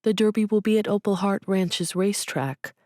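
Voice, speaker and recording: A woman voicing Wesley, a kind man who explains things in hushed, calm tones. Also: medium pitch, moderate pace, no room sound, clean studio sound, natural voice. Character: man, a kind and soft-spoken shop helper.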